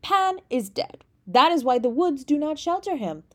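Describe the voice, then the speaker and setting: A woman reader voicing a hearty older clergyman with a mellow voice who speaks in a booming, pronouncing way. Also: expressive, moderate pace, lightly acted.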